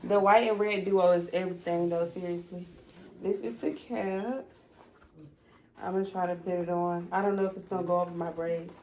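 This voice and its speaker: A young woman speaks in a chatty, emotional way while unboxing on camera. Her voice has a gravelly fry to it. Her distance from the camera mic shifts, and a faint hiss sits underneath. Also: on the low side, steady tone, moderate pace, darkish tone. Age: young adult. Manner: emotional, chatty, talks straight to viewers. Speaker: vlogger. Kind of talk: casual vlog unboxing.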